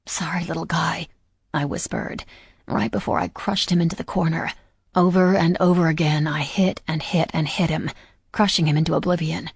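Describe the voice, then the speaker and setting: A woman narrating a first-person audiobook in a quiet, measured, somber way. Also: deep voice, steady tone, creaky, slightly rough, dry recording, studio quality.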